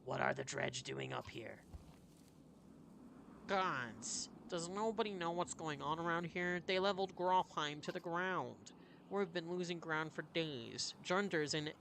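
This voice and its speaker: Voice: mid-range voice, vocal fry, a bit bright, a little hiss or hum, exaggerated voice. A streamer voicing a weary, exasperated warrior messenger in a put-on Southern US accent over game music. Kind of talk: voicing game dialogue live.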